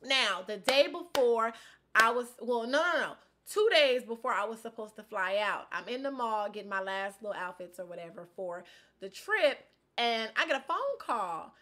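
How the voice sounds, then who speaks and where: A young woman vlogger, from Inglewood, telling a casual life update in an animated, slangy way, with loud outbursts and low asides. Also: moderate pace. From Inglewood, California.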